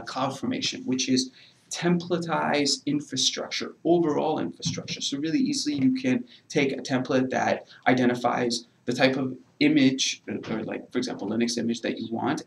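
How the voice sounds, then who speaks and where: A man's voice: mid-range voice, gravelly, a little hiss or hum, rough recording. Easygoing man explaining tech from home. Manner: loose, hedging, heavy on "kinda" and "really". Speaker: guest software developer. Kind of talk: casual technical explanation on a live webcast.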